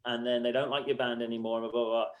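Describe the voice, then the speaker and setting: A man's voice: mid-range voice, quick pace, narrow, tinny audio. A man guest on a podcast, telling stories casually and acting out conversations with other voices. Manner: animated, acts out exchanges, swears. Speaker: podcast guest, band musician. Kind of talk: casual storytelling.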